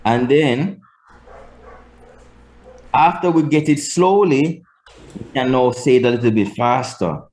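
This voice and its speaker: A man's voice: mid-range voice, slow pace, long pauses, a little mellow. A Jamaican man teaching a live class, patient and repeating key points for emphasis. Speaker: language teacher.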